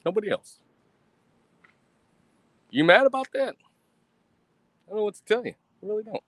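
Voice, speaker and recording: A man's voice: sits high, sing-song, normal speed, a bit bright, no room sound. A man ranting defiantly on a live stream, swearing constantly and mocking his critics with sarcasm.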